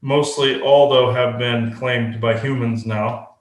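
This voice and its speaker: A man voicing a huge, hairy, man-bear elemental who speaks in short, clipped sentences and is quick to temper. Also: mid-range voice, fairly even intonation, close to an everyday voice. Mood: plain. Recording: roomy echo.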